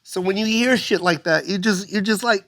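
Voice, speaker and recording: Animated profane man in his fifties. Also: high-pitched, moderate pace. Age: 50s. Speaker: guest comedian. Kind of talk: casual podcast storytelling.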